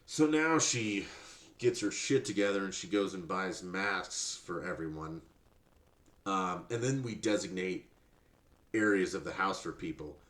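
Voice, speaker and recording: Male podcast host, sarcastic profane rant, animated voice, roomy echo. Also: low voice, unhurried. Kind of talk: ranting commentary.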